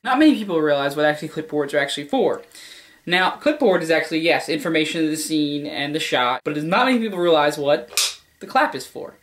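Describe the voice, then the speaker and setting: A man hosting a comedy video, explaining things in a brisk, offhand way. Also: fairly high pitch, sing-song, a bit bright. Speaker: video host.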